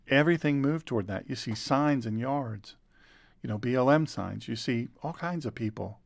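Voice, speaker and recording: An older man preaching in an earnest, conversational way, often repeating a word or phrase for emphasis. His voice sits in a middle pitch range and is recorded close, with a dry, roomless sound. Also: vocal fry, no echo. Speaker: pastor and show host. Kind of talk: conversational sermon.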